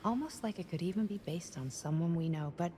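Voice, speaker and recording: An actress playing a bitter, resentful adult sister in a game, with a sarcastic, cutting way of talking. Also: female voice, on the low side, expressive, fairly quick, warm tone, natural voice.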